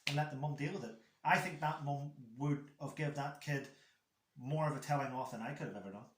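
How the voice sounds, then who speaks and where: A man's voice: medium pitch, brisk, fairly bright tone. A man chatting casually as a guest, telling a rambling story about his son and acting out the dialogue. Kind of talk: casual chat. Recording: echoey room.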